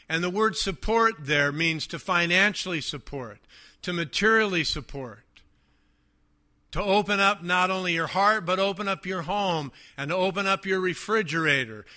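A man preaching a sermon, emphatic and repetitive, often dropping to quiet asides. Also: on the high side. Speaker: pastor.

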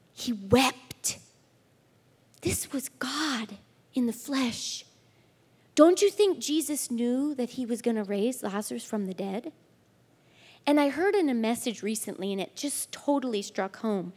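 A woman's voice: a little high, expressive, mellow. Woman preaching in a reverberant hall. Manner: earnest, emphatic, slows for scripture, drops to near-whispers. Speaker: women's ministry speaker. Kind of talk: sermon.

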